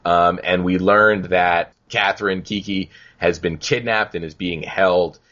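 A man's voice: deep voice, steady tone, unhurried, a bit bright, highs cut off. A man hosting a podcast, recapping a film in a laid-back way and laughing often. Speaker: podcast host. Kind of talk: casual film discussion.

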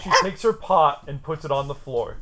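A man's voice: on the high side, animated, moderate pace, very noisy. A man hosting, reading stage directions aloud with dry, joking asides. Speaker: host.

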